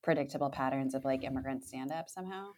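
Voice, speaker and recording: A woman's voice: very deep voice, fast, darkish tone. A woman co-hosting a podcast, talking casually and thoughtfully, hedging her points with fillers and light laughs. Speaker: podcast co-host. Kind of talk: casual chat.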